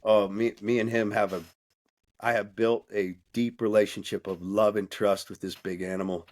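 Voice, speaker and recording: A man's voice: fairly low pitch, flat delivery, normal speed, a little mellow. A man speaking as a coaching guest on a podcast, talking bluntly and intensely with profanity and a preaching edge. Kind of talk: candid podcast conversation.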